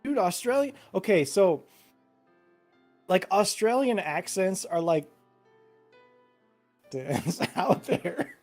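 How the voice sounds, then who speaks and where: A man's voice: high-pitched, big pitch swings, slow pace, long pauses, darkish tone, soft background music. Tipsy rambling man on a call. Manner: rambling, profane, emphatic. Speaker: podcast co-host. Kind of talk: casual chat.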